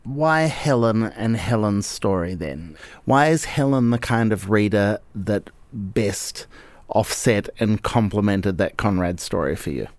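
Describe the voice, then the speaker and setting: A man hosting an interview, asking his questions in a calm, courteous way. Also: on the low side, measured pace, no echo. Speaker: interviewer host.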